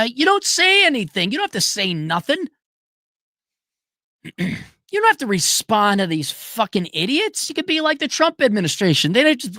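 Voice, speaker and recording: Profane ranting man, lively pitch. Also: moderate pace, no room sound, clean studio sound. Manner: profane, sarcastic, mocking voices. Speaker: commentator. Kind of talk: ranting monologue.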